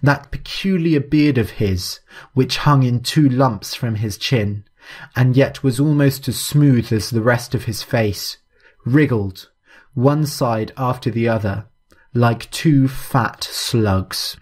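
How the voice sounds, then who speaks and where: A man reads a spooky story aloud in a measured, even style. His voice sits at a medium pitch and his pacing stays steady throughout. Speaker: narrator. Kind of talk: scripted story narration.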